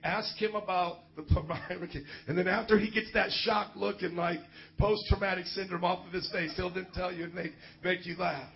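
A male pastor telling funny stories in a sermon, animated and often laughing as he goes. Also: sits high, highs cut off. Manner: animated, joking, often laughs mid-story. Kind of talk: sermon storytelling.

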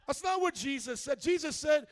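A man preaching an animated sermon, mimicking people and often rising to shouts. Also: very high voice, moderate pace. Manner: animated preaching, mock voices, shouting at times. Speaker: pastor. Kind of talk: energetic sermon.

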